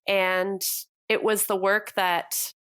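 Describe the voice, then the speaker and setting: A woman's voice: mid-range voice, level tone, slow pace, fairly bright tone, clean tone, no echo. A young adult woman from Canada, a copywriter guest on a podcast interview, speaking with bubbly enthusiasm.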